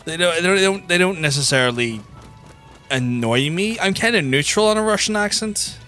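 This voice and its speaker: A man's voice: high voice, lively intonation, normal speed, pushed and bright. A young Irish man chatting casually on a gaming livestream, blunt and sweary, full of restarts and fillers. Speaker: gaming streamer. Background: game music.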